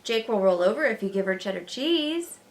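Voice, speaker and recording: A woman voicing a chatty little preschool boy who loves to tattle, talking high and eager. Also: animated, brisk, natural voice. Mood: chattering.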